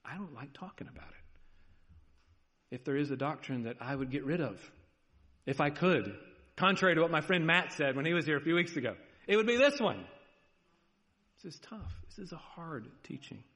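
A man preaching a sermon as pastor, earnest and pleading, moving between loud urging and a soft hush. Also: on the high side, animated, fairly quick, long reverb tail.

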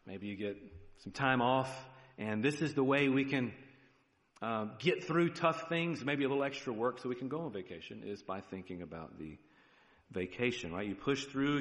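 Low-voiced male pastor preaching in a reverberant church. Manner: lively preaching with rising emphasis and frequent "right?" check-ins. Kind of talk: sermon.

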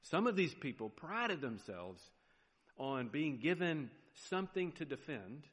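Southern pastor preaching in a reverberant hall. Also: male voice, a little high, very animated, a little slow, a bit bright, slightly rough. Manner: conversational, explanatory, frequent fillers and rhetorical questions. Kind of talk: sermon.

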